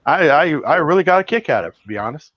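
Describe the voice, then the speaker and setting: A man's voice: fairly high pitch, big pitch swings, racing, no echo. Guy co-hosting a podcast, rambles and restarts a lot, dead dry dull sound. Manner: rambling, hesitant, lots of restarts. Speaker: podcast co-host. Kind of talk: casual podcast chat.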